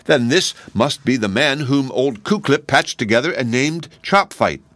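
A man's voice: medium pitch, lively intonation, unhurried, a bit bright, no echo, voice pushed up. A man voicing a curious, eager young wanderer.

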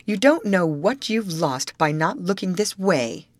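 A woman's voice: low-pitched, very animated, normal speed, no echo. A woman voicing a spoiled, vain young lady in a storybook reading, with a haughty, teasing manner. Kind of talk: audiobook character voice.

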